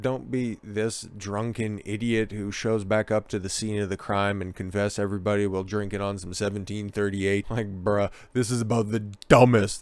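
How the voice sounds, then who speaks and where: A man's voice: lowish voice, dry recording. A man giving crude, sarcastic commentary while reading out a news story. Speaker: online commentator.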